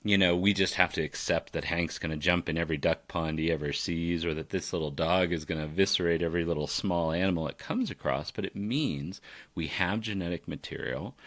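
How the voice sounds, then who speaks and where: A man, a dog trainer, talking casually on a podcast and telling animated stories with frequent laughs. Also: deep voice. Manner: animated storyteller, laughs often.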